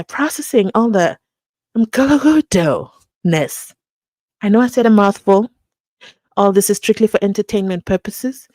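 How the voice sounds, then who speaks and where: A woman's voice: medium pitch, no echo. A woman hosting a channel, chatting casually and playfully while she reads out viewer comments. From South Africa. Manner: playful, teasing, laughs often.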